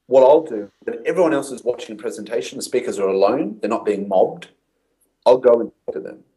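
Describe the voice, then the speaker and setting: A copywriter guest speaks briskly in a warm, medium-pitched voice, and the recording quality is rough. Telling stories during the interview, he acts out his own past dialogue.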